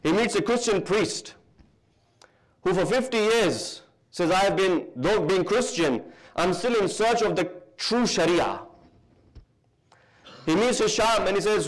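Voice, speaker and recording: A man from the UK giving a sermon in a large hall, telling a religious story with lively emphasis and Arabic terms mixed in. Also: sits high, unhurried. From United Kingdom. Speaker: preacher.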